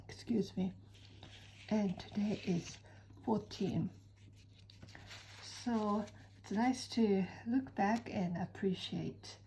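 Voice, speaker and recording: A woman giving a calm step-by-step drawing tutorial, soft-spoken and often dropping to a near whisper. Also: medium pitch, slight background noise, poor audio. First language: Japanese. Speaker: certified drawing-art teacher.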